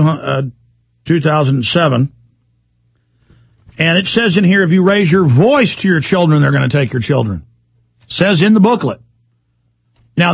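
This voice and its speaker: A man hosting a call-in talk radio show, ranting and repeating himself, with sudden emphatic jumps in pitch. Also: gravelly, husky, dry recording.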